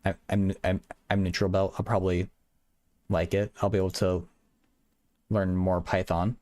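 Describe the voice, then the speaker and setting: A man's voice: low-pitched, flat delivery, normal speed, darkish tone. A young man hosting a livestream, chatting casually with viewers, stuttering and repeating words, from a small apartment bedroom. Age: young adult. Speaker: livestream host.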